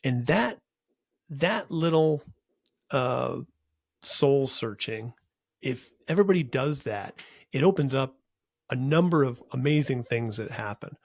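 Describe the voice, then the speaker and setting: An earnest man hosts a podcast conversation, stressing his points and stumbling over repeated words when excited. His voice sits in a middle pitch, recorded close and dry. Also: unhurried, long pauses, dry recording. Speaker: podcast host. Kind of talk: casual interview chat.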